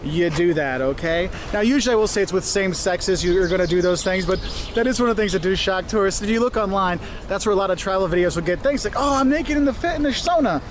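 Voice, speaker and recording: A man, a travel vlogger, presenting outdoors on a city street in a lively, jokey way. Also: high voice, quick pace. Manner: animated, jokey, mimics voices. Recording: street noise and passing traffic. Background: traffic and city ambience.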